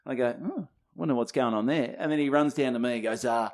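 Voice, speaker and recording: A man's voice: mid-range voice, fast talker. A man in his twenties with an Australian accent, co-hosting a comedy podcast and telling a rowdy story full of swearing and acted-out voices. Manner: animated, swears freely, acts out others' lines. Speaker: podcast co-host.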